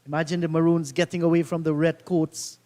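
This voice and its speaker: A man's voice: on the high side, level tone, fairly quick, mellow, big-room sound. A man doing live cricket commentary, telling leisurely reminiscing anecdotes between deliveries.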